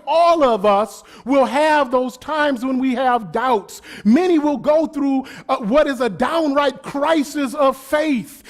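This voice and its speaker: A man with a high voice preaching from the pulpit. He leans hard into key lines and circles back on his phrases as he builds his point. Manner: preaching with swelling emphasis and repeated phrases. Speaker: pastor. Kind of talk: sermon.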